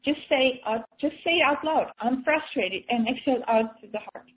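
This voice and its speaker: A woman leading a guided breathing and emotional release session, gentle and coaxing, often repeating and restarting her phrases. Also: high voice, a little fast. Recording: tinny phone-like sound.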